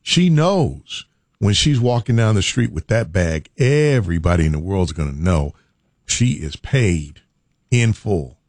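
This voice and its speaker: A man's voice: fairly low pitch, measured pace, no echo, clean studio sound. A man hosting a radio show, telling a comic story and acting out the people in it. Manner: animated, acts out scenes in different voices. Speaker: radio host.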